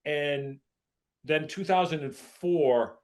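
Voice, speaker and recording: Slightly high older man hosting. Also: slow, a little mellow. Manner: folksy, repeats "so" to push on. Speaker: host, former baseball executive. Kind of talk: casual interview chat.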